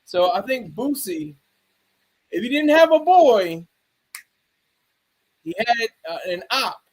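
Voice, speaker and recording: A man's voice: very high voice, very animated, takes it slowly. A man giving casual livestream commentary, rambling, restarting sentences and talking back to his chat. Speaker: streamer.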